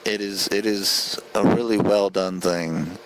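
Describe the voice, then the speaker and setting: A man talks through a film review in a loose, casual way, earnest and rambling, tripping over his words and restarting his sentences. His voice sits fairly low. Faint background noise hums under the recording. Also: steady tone, unhurried, poor audio.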